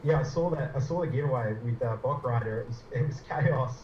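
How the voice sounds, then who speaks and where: A man's voice: mid-range voice, fairly quick. Rambling man on an echoey, dull line. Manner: rambling, swearing, excitable. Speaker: live stream co-host. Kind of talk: casual banter on a live stream. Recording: echoey, dull, noisy remote audio.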